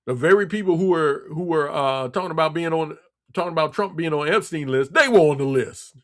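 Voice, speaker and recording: A radio talk show host, his voice fairly high and brisk, delivers a political monologue. He is blunt and scolding and keeps repeating himself.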